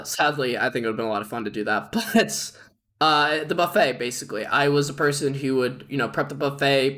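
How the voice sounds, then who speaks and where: A young man vlogging, rambling through a work story with lots of fillers and laughter. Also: mid-range voice. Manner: rambling, animated retelling with frequent fillers and laughs. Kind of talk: casual storytelling.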